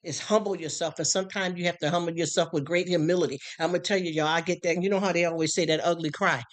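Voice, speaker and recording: A live-stream preacher in a loose, conversational street-style sermon, who keeps asking whether the listeners understand. The voice sits at a middling pitch. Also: steady tone, fast. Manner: conversational, repeatedly checks in with listeners.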